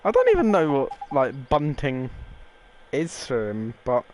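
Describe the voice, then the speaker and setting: A man's voice: medium pitch, wildly swooping pitch, unhurried, a little mellow, a little hiss or hum. A young man casually commentating a game playthrough, swearing, laughing and rambling with fillers. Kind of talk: casual let's play commentary.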